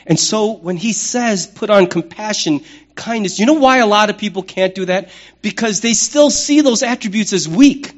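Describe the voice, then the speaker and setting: A middle-aged man preaching a sermon as pastor, conversational and humorous, with lively acted-out asides. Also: high-pitched, moderate pace, dull audio.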